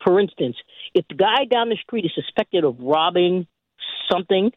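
Older male caller, forceful and lecturing, husky, dry phone-line sound. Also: high-pitched, animated, normal speed, dry recording. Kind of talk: call-in talk radio.

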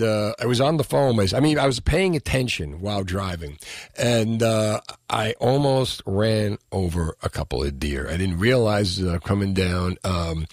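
A man's voice: fairly low pitch, no room sound. A man hosting a nighttime radio talk show, chatting loosely and rambling with lots of filler words from a studio microphone. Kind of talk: casual radio chat.

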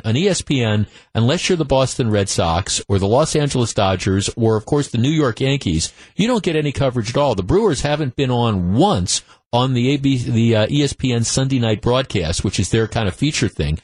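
A man's voice: medium pitch, dry recording. Man, sports radio host, exasperated rant, stumbling restarts, dry close studio sound. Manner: animated, exasperated ranting with frequent restarts. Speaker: radio talk show host. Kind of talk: call-in sports talk radio. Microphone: studio microphone.

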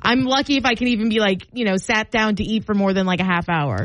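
A woman's voice: medium pitch, fast talker, fairly bright tone, dry recording, low-quality recording. A young woman in her twenties co-hosting a morning radio show in a dry, close studio. She talks in a loose, rambling way, full of "like"s. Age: 20s. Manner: chatty, rambling, lots of "like". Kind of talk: casual radio banter.

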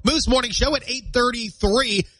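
A man's voice: extremely high pitch, normal speed, fairly bright tone, dry recording. A male radio morning show host with a nasal, congested voice, bantering upbeat from the studio.

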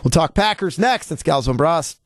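A man's voice: a little high, animated, a little fast, no room sound, studio quality. A man hosting sports talk radio, teasing his co-hosts and rattling off promos and phone numbers.

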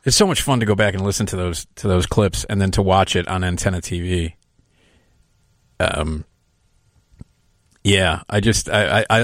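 A man's voice: lowish voice, a bit bright, no echo, clean studio sound. A man hosting a radio show, chatting casually and announcing upcoming segments. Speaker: radio host. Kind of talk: radio show host talk. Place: radio studio.

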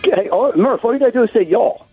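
A man's voice: very high-pitched, animated, quick pace, faint music behind. Middle-aged male announcer, phone-in guest, upbeat and joking, tinny phone line. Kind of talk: casual radio chat.

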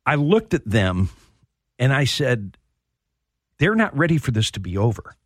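A man hosting a sports radio show, telling stories in a heartfelt, halting way. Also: mid-range voice, big pitch swings, no echo, studio quality. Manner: storytelling, emotional, repeats words when starting. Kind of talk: casual sports talk.

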